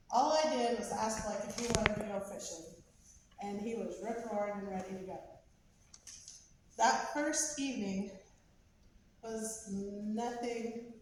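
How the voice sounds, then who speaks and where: A woman telling a prepared personal story about her son, measured with slow emphatic pauses, growing lively at the exciting parts. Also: mid-range voice. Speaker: mother telling a family story. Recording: very echoey, distant, faint background noise.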